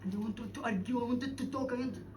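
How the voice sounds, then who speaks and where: A very high-pitched, fast male voice belongs to a man from Yemen recounting his own story on stage. He curses and laughs as he animatedly relives it, and the recording catches him from afar with noticeable background noise.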